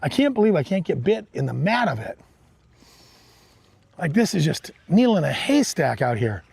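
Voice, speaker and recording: A man hosting a live fishing stream from a boat on a lake, talking excitedly to his viewers. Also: a little high, moderate pace, vocal fry, slightly rough, no echo. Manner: excited, exclamatory, talks straight to viewers. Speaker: fishing livestream host.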